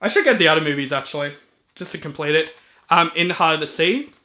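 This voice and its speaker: A man with a high, bright and forward voice walks through his movie shelf in a casual video. He is chatty and eager, dropping ums and quick asides between titles. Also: lively intonation. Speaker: movie reviewer. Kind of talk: casual collection walkthrough.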